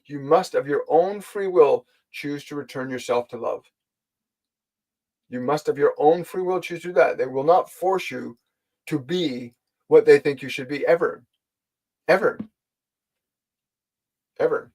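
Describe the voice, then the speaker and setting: Unhurried and leaving long pauses, a man with a fairly high voice leads a live spiritual stream, captured on a low-quality recording. He speaks gently and directly to his viewers, earnestly guiding them, responding to questions, and repeating key phrases for emphasis.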